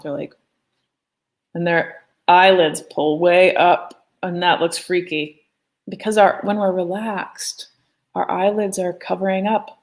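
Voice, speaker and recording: A woman teaching a live online drawing lesson in a chatty, playful way, talking as she draws. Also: lowish voice. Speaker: art teacher. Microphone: phone.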